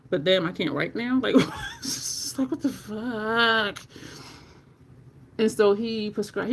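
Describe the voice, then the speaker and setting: On a makeup livestream, a tearful woman who is close to crying talks candidly, swears casually, and thanks viewers in the chat. Her voice is fairly low with a somewhat dark tone, and there's slight background noise.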